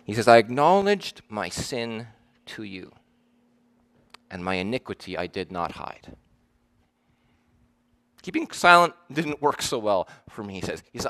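A man preaching a sermon, earnest and emphatic, slowing down to stress the verses he quotes. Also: medium pitch, fairly bright tone.

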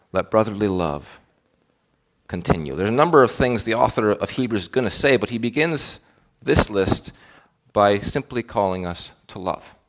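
A male pastor preaching a sermon in an earnest, questioning way, with frequent fillers and restarts. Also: fairly low pitch.

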